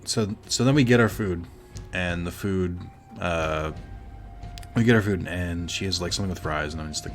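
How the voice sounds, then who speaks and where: A man's voice: deep voice, moderate pace, soft background music. A male streamer casually telling a story while gaming, rambling and correcting himself, with lots of fillers.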